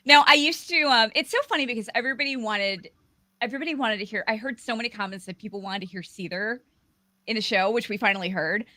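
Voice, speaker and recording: A woman's voice: fairly high pitch, fairly quick, bright, forceful tone, no room sound. A woman hosting a live aftershow stream, chatting casually with many fillers. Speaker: livestream host.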